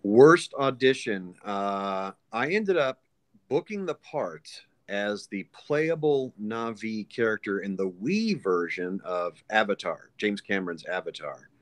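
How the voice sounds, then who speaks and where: Animated lower-voiced man telling stories. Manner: animated, lively anecdotes with quick voice shifts. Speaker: voice actor guest. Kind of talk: casual interview storytelling.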